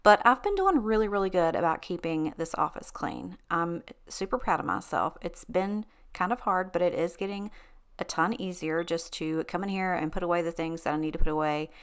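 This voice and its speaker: A woman with a somewhat low voice chats casually to her viewers, like she is catching up with a friend. She talks freely and laughs easily between her sentences. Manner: chatty, laughs between lines, animated retelling. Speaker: lifestyle vlogger. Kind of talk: casual storytelling chat.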